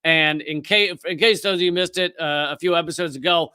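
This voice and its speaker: A man's voice: a little high, steady tone, bright, forceful tone, smooth, dry recording. Impassioned man on a live stream. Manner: impassioned, fast, with restarts and profanity. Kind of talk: political commentary live stream.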